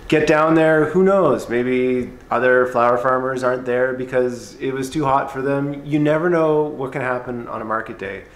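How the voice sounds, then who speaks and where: A man's voice: mid-range voice, fairly even intonation, moderate pace, hardly any pauses. A man on a farm vlog who sells at the market, talking in an upbeat, encouraging and teasing way. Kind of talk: casual vlog chat.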